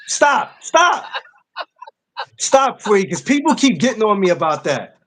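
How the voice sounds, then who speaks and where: Lively high-voiced male podcast host. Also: a little slow, a little hiss or hum. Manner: playful, repeats phrases, teasing. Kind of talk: casual morning chat.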